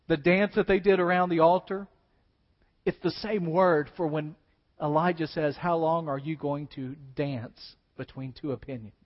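A man preaching a sermon dramatically, swinging between loud declaiming and hushed asides. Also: on the high side, fairly even intonation, moderate pace. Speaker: pastor. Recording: dull sound with long reverb in a large hall.

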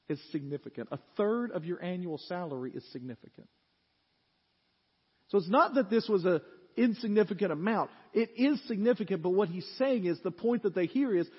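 A man preaching a sermon as pastor, telling stories with rising loud peaks and dropping to low, quiet emphasis. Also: breathy edge. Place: church sanctuary. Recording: dull audio with long hall reverb.

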